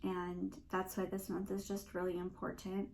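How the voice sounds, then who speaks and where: Young woman rambling earnestly on her podcast, lots of vocal fry, bit of hiss behind. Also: mid-range voice, monotone, moderate pace, a little mellow, poor audio. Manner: emotional, earnest, rambling with many "like"s. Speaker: podcast host. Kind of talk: personal podcast monologue.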